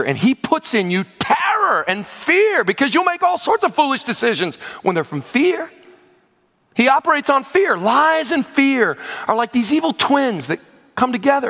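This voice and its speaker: A male pastor delivering a sermon with a bright, high voice that leaps across a wide range. He shifts from loud exclamations to hushed, low passages. The sound carries a long reverb, as in a large hall. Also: normal speed. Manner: animated, swings from loud exclamations to hushed lows.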